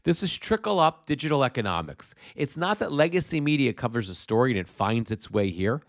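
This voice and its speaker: A man's voice: medium pitch, sing-song, a little fast. A man hosting a political livestream, speaking with impassioned, profane emphasis through a congested, drippy voice. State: congested with postnasal drip. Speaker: livestream host.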